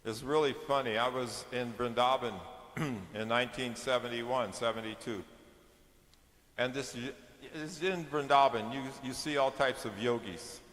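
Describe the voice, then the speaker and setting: Older man, earnest exhorting sermon, mid-pitched voice, roomy hall with long reverb. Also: a little slow, a bit bright. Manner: earnest, exhorting, rising in force toward the end. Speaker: senior devotee speaker. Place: large temple hall.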